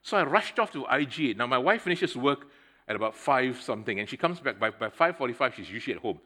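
A middle-aged man preaching a sermon, telling a personal story in a conversational, animated way and speaking straight to the congregation. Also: mid-range voice, fast talker. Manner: conversational, addresses the congregation directly; animated storytelling with swings in loudness.

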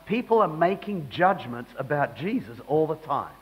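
A man's voice: a little high, very animated, normal speed, husky, muffled recording. A man preaching a sermon in a conversational way that rises into emphatic bursts.

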